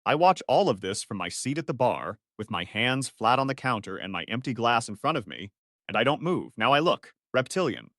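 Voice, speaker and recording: A man narrating a first-person sci-fi story in short, clipped, analytical sentences. His pitch moves around a lot from phrase to phrase, and the recording is dry and close with no room sound. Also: sing-song, a little fast, fairly bright tone, no echo.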